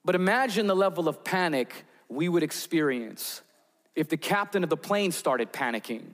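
Preacher in a big echoing hall. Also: male voice, on the high side, lively intonation, moderate pace, fairly bright tone. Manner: storytelling, builds tension with vivid scenarios. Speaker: pastor. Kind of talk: sermon.

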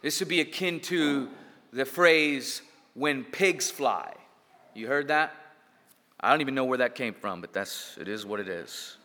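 A man's voice: medium pitch, lively intonation, moderate pace, sharp tone. A man preaching a sermon as pastor, emphatic, building points through repetition and dropping in casual asides. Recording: long hall reverb.

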